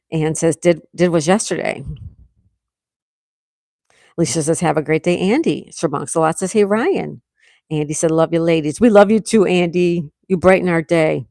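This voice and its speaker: A middle-aged woman hosting a casual livestream, reading viewers' comments aloud and chatting back warmly. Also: fairly low pitch, animated, normal speed, creaky, long pauses, dry recording, studio quality. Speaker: livestream host reading chat. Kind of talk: casual live chat.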